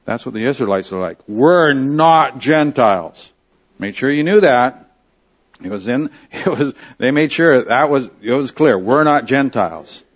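A man from Canada preaching a verse-by-verse sermon, leaning on key words and dropping soft at the ends of phrases. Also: mid-range voice, animated, moderate pace. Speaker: pastor. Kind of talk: expository sermon. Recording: slightly dull lo-fi sound.

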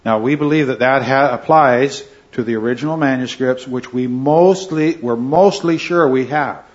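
Rambling, halting man teaching a Bible class. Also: mid-range voice. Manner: rambling, halting, with many fillers and restarts. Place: indoor classroom with a wall clock. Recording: slightly muffled recording.

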